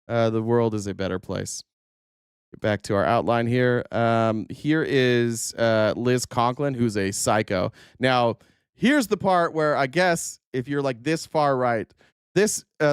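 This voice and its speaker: Sarcastic male livestream host, crisp voice. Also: medium pitch, unhurried, no echo, studio quality. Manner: sarcastic, profane, filler-heavy. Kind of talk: political commentary livestream.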